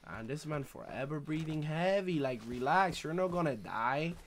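A young man streaming a shooter game live, swearing and trash-talking through casual commentary with sudden loud outbursts. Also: on the high side, animated, moderate pace, a little hiss or hum. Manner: profane, loud, reacts with outbursts and trash talk. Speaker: gaming streamer.

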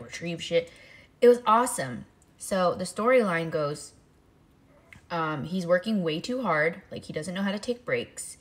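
A young woman streaming, chatting casually and telling a lively story, her voice jumping up when she acts out reactions. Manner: animated storytelling, pitch jumps for quoted reactions. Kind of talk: casual chat while eating. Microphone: desk mic, no face cam.

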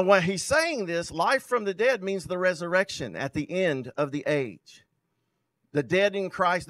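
A male pastor preaching a sermon, reading scripture aloud and explaining it with emphatic swells in loudness. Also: fairly high pitch, no room sound. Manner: loudness rising and falling sharply for emphasis.

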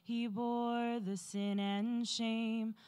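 A woman singing a slow gospel solo in church, soaring on the refrain. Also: on the high side, little pitch movement, a little mellow, clean tone, faint music behind. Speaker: church soloist. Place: church sanctuary.

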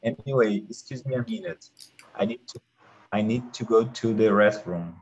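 A man's voice: on the low side, normal speed, a little mellow, dull audio, lightly acted. A man reading the part of a friendly young man in a hurry, hesitant and careful, in a classroom role-play. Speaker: student reading a dialogue.

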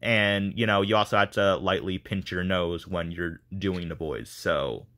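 A man's voice: low-pitched, unhurried, a bit bright. A man casually chatting to viewers as he runs a voice casting call, rambling and self-deprecating. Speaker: video creator running a voice casting call.

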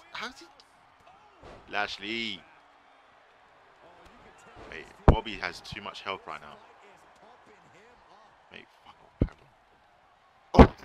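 A man streaming a wrestling video game live, excitedly commentating, swearing and shouting at the screen. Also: medium pitch, gravelly, noisy background. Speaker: gaming streamer.

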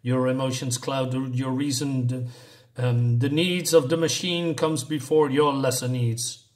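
A man's voice: mid-range voice, fairly even intonation, measured pace, natural voice. A man reading out a cold, commanding male machine mind that rules over the villains.

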